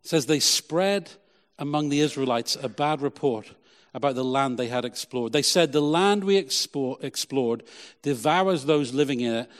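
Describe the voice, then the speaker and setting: A middle-aged man, a pastor, preaching a sermon with emphatic, slow, repeated phrases. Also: medium pitch, in a large hall.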